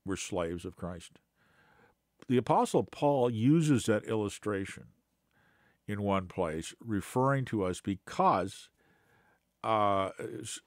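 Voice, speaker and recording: A man's voice: on the low side, dry recording, studio quality. A man giving an unscripted Bible teaching, hesitant with many fillers and restarts, then pressing points with scornful emphasis.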